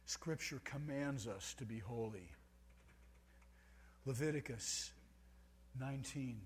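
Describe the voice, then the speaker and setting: A man preaching a sermon, stressing key words by swinging between soft and loud. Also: mid-range voice, takes it slowly, a little hiss or hum.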